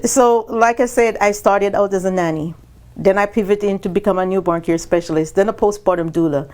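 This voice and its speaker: Speaking a little fast, this woman is a guest on a business podcast who recounts her story animatedly, performing the quoted lines with abrupt pitch leaps.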